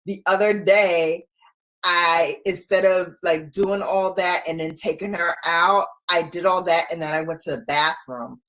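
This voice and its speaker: A woman in her forties chatting casually with live viewers from home, playful and quick to laugh. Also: lowish voice, fairly even intonation, a bit bright. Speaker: livestream host.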